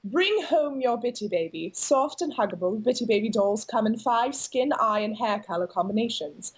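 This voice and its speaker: A prim, crisply clipped upper-class English lady, as a woman puts her on reads a cosy toy advert in received pronunciation. Her voice sits fairly high and every syllable is polished. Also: lively intonation, normal speed, low-quality recording. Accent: received pronunciation British.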